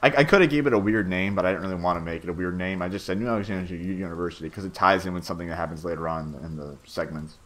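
A man's voice: deep voice, racing, few pauses, fairly bright tone. A young man giving a rambling, stammering director's commentary on his own machinima, full of fillers and swearing.

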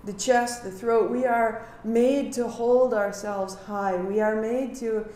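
A woman with a fairly high voice leads a live yoga class. Her cues are calm and steady, and she breaks into lively storytelling. The sound carries a roomy echo. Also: slow pace. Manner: calm guiding cues, then animated storytelling with acted quotes. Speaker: yoga teacher.

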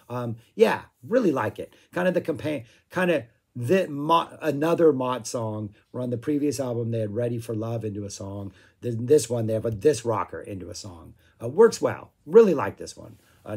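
A man casually talking through his favorite songs, with frequent fillers and a voice that is going hoarse. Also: mid-range voice, a little mellow. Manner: rambling, filler-heavy, hums guitar riffs. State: losing his voice, clearing throat. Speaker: music review vlogger. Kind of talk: casual chat.

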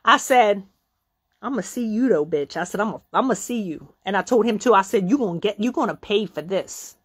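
A middle-aged woman telling a story in a casual, profane way, acting out the quotes with sudden jumps in pitch. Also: lively intonation, brisk, slightly rough.

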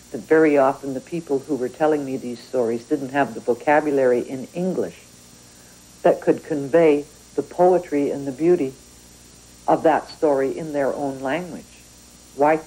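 A woman's voice: rumbling low, dark tone, breathy edge, rough recording. A woman from Canada, a writer talking about her work in a thoughtful, conversational interview. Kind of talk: reflective interview talk.

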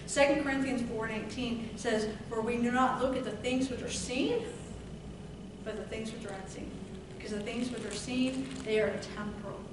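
A woman preacher delivering a fervent sermon, stretching out scripture lines with emphatic, drawn-out delivery. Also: fairly high pitch, fairly even intonation. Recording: echoey room from far off, noisy.

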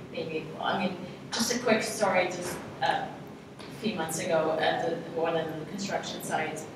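A woman panelist telling a work anecdote in a chatty, animated way. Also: on the low side, noisy background. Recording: echoey hall from far off.

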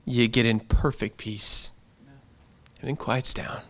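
A man preaches in a church with a voice of ordinary middle pitch. His delivery is earnest and conversational, and he circles back over the same phrases again and again. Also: steady tone, unhurried, bright, forceful tone. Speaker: pastor. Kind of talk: sermon.

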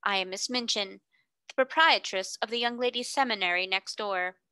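A woman's voice: normal speed, pushed and bright, clear, resonant tone, no room sound, close to an everyday voice. A woman voicing a stern, indignant middle-aged schoolmistress in an audiobook reading, haughty and rigidly polite. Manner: haughty, rigidly polite, shrill when shocked.

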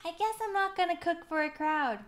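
Woman voicing an eager young cowboy. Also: fairly quick. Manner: high, excited exclaiming.

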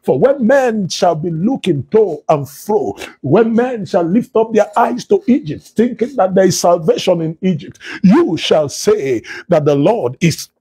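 A man's voice: high-pitched, expressive, a little slow, warm tone, breathy edge, no room sound. A man leading a fervent prophetic prayer broadcast, declaring prophecy in repeated refrains and breaking into speaking in tongues. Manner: repeats refrains and calls for praise. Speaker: prayer leader.

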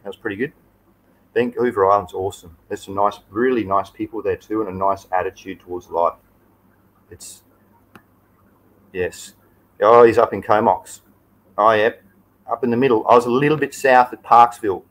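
An Australian man with a fairly low voice hosts a relaxed live stream. His talk is loose and rambling, with plenty of filler and friendly asides to his viewers. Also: moderate pace, pauses often, poor audio. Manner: chatty, easygoing, loose and rambling. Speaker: livestream host. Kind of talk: casual live chat.

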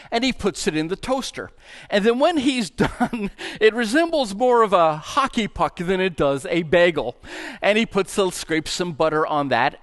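Male pastor, middle-aged, higher-pitched, animated storyteller in a church sermon. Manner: animated, acts out voices in the story.

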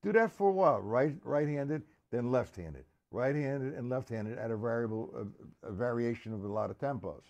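A man teaching a live-streamed drum lesson, chatting with viewers by name in a halting, casual way. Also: medium pitch, expressive, vocal fry, a little mellow, muffled recording. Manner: halting, restarts and fillers. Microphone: computer or camera mic on a live stream.

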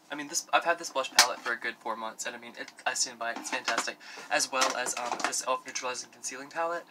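A young man chatters through a home makeup tutorial in a very bright, tense voice that sits mid-range in pitch. He rambles, stacks up fillers and talks campily to himself between steps. A faint hiss runs under the recording. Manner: rambling, filler-heavy, camp self-talk. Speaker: makeup vlogger. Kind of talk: parody beauty tutorial chat. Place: at home doing his makeup.

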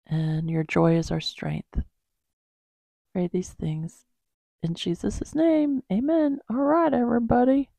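A woman hosting a Bible-reading channel, praying aloud in a halting way with frequent pauses, then signing off casually. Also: lowish voice, creaky, warm tone, dry recording. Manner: slow, halting prayer with many pauses. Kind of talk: spoken prayer and casual sign-off.

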